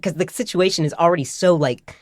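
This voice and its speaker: A man telling an embarrassing story in casual podcast chat, animated and self-deprecating, full of "like" and "right?". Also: on the high side, fairly quick, dry recording, studio quality. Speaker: podcast co-host.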